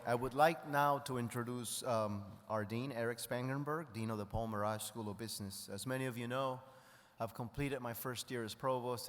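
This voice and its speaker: A man serving as provost at a ceremony, introducing speakers in a measured, formal way. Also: mid-range voice, in a large hall, slight background noise. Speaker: university provost.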